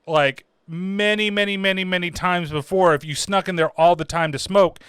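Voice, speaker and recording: Casual male film reviewer, rambling and foul-mouthed, a slightly high voice, smooth and crisp, dry close sound. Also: a bit bright, no room sound. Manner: rambling, profane, full of fillers like "like" and "uh". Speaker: horror movie reviewer, channel host.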